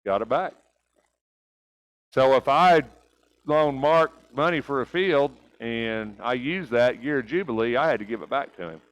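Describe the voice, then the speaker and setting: A man's voice: mid-range voice, measured pace, rough recording. A man teaching a church Bible class, asking rhetorical questions and often checking in with "right?".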